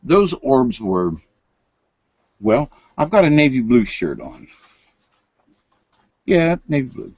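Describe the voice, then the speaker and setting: Older man, folksy late-night rambler, pitch rises and falls a lot, dry close sound. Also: big pitch swings, slow, pauses often, darkish tone, dry recording. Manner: folksy, meandering, drops to whispers. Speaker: vlogger. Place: home room, lights turned down. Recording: dull lo-fi sound.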